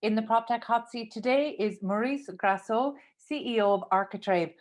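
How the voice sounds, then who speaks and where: Higher-voiced Irish woman radio host. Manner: chatty, welcoming, quick to laugh along. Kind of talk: podcast interview.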